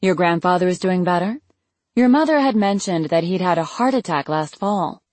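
A woman's voice: lowish voice, lively intonation, moderate pace, darkish tone, no room sound, lightly acted. A woman reading an audiobook, voicing a pleasant, prying middle-aged mother who asks sweetly inquisitive questions.

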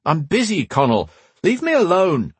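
A man's voice: sits high, wildly swooping pitch, normal speed, slightly rough, dry recording, voice pushed up, exaggerated voice. A man voicing a weary, sardonic young man with a dry, sarcastic manner. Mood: sardonic, wry.

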